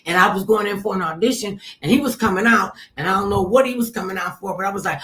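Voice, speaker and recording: A woman hosting a radio talk show who tells stories with big swings in her voice. She jumps from soft asides to loud outbursts and acts out what others said. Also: medium pitch, quick pace, few pauses. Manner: animated storyteller, loud outbursts and quoted asides. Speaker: radio host. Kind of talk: casual radio chat.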